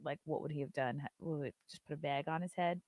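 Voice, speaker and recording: A woman's voice: low voice, steady tone, fast, darkish tone, no echo, clean studio sound. A woman hosting a live-stream show, chatting loosely, reading viewer messages aloud and swearing casually.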